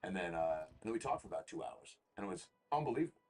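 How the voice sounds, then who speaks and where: Man, comedian guest, slightly low voice, rambling, profane, animated storytelling. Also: fast. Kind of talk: casual interview storytelling.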